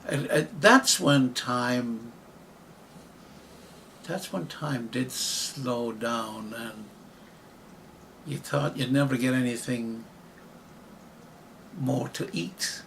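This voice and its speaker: This interviewed writer and actor is an older man from Ireland with an Irish accent and a gravelly, medium-pitched voice. He reflects slowly and with hesitation, frequently restarting phrases, while a little hiss or hum runs underneath.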